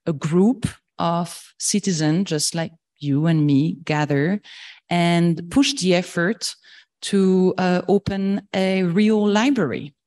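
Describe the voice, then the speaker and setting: A woman's voice: low-pitched, a little mellow. A woman from France with a French accent, giving a friendly, careful talk to a club meeting with frequent ums and restarts. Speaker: fundraising chair of a library.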